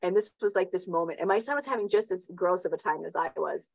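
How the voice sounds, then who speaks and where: A woman's voice: on the low side, fast talker, vocal fry, a little mellow, no echo, rough recording. A middle-aged woman hosting a motivational talk, chatty, with many restarts and tag questions. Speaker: host.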